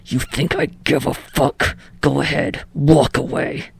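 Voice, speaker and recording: A woman's voice: sits low, fairly even intonation, a little slow, no room sound, voice pushed down, full character voice. Woman growling as a surly foul-mouthed young man. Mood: gruff. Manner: gruff, curt and swearing.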